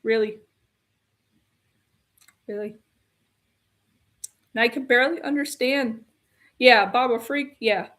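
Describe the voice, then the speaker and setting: A woman's voice: on the high side, slow, long pauses, fairly bright tone. A woman giving an exasperated, ranting film review, repeating her complaints in a casual tone.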